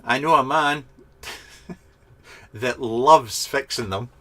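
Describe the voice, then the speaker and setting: A man's voice: mid-range voice, very slow, bright, forceful tone. A Scottish man in a garden shed, talking casually into a webcam as he reads out viewer comments and jokes around, full of ums and restarts. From Scotland. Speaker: vaping product reviewer reading viewer comments. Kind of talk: casual live chat vlog.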